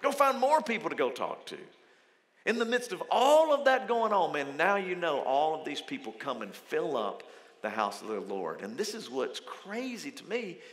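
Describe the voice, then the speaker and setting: A male pastor giving a lively, conversational sermon in a church auditorium, acting out quotes as he goes. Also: on the high side, moderate pace. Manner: lively, conversational preaching with frequent acted quotes. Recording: long hall reverb.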